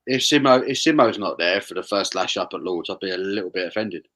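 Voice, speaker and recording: A man's voice: low-pitched, animated, fast talker, fairly bright tone. A man co-hosting a casual live-stream chat, rambling in friendly banter.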